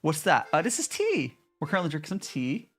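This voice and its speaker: A male streamer chats casually with his viewers, his pitch bouncing up and down in a lively way. He reads messages aloud and answers them with plenty of restarts. Soft music plays quietly in the background. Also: fairly quick, slightly rough. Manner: chatty, reads and answers chat, many restarts. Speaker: VTuber streamer. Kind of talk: casual live-stream chat. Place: home stream in Japan.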